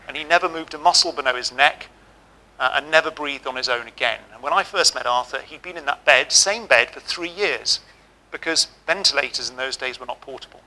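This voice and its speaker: A middle-aged man giving a keynote speech, telling lively, humorous stories. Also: medium pitch, a little fast, poor audio. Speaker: keynote speaker. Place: auditorium.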